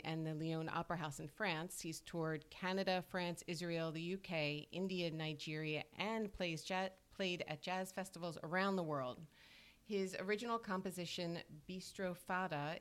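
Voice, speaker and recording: A woman's voice: fairly low pitch, smooth. A woman co-hosting a podcast, reading out a guest's introduction and asking questions. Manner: reads a guest introduction, then asks questions. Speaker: podcast co-host. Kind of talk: podcast interview.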